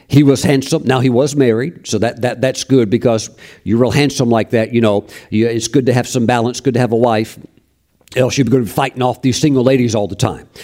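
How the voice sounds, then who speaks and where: A man's voice: medium pitch, mellow. A man preaching a sermon, telling stories from his ministry in a folksy, anecdotal way with frequent restarts. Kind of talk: sermon storytelling.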